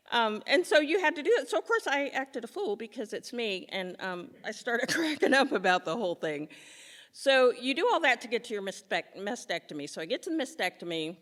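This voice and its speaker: Animated woman telling a comic story. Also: fairly high pitch, in a large hall. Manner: animated, acts out scenes, self-mocking humor. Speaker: speaker telling her own story. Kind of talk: comic personal storytelling to a live audience. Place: stage before an audience.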